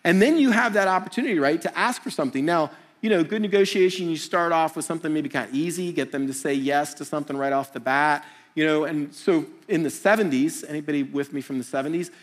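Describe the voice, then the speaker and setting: A middle-aged man preaching a sermon, telling jokey stories and acting out quick voices. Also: fairly high pitch. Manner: animated, jokey storytelling with acted-out voices. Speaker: pastor.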